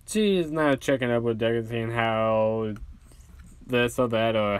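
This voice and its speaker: Slow, rambling male storyteller. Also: mid-range voice, clean tone, no echo. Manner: rambling, many fillers. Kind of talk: improvised fan-story narration.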